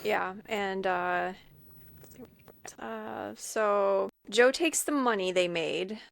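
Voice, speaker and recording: A podcast co-host with a creaky, mid-range voice speaks very slowly. She casually walks through a film's plot scene by scene, sprinkling in frequent ums and fillers.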